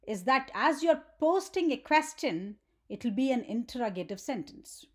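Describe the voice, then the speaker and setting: A woman's voice: a little high, animated, normal speed. A woman teaching a grammar lesson for children, often checking in with "right?" and asking the viewer questions.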